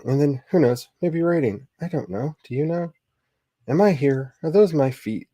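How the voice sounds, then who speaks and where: A man's voice: a little high, expressive, normal speed, warm tone, no room sound, clean studio sound. A man hosting a writing livestream, chatting casually in a rambling, self-mocking way, full of jokes and asides. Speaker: livestream host. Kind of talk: casual chat during a writing sprint stream.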